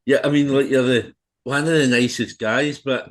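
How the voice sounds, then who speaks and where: A man's voice: mid-range voice, fairly even intonation, moderate pace. A man hosting a podcast, asking friendly leading questions in a casual interview, with fillers and tag questions. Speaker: podcast host.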